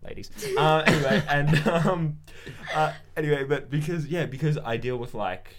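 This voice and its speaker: A man's voice: on the high side, moderate pace, a bit bright. A young man with a New Zealand accent, hosting a podcast in casual, rambling, jokey chat. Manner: rambling, jokey, self-deprecating.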